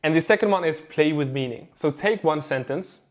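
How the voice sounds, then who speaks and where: Slightly high-voiced man coaching clearly. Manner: measured, stressing words and pausing for effect. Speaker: communication coach. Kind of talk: instructional video talk to camera.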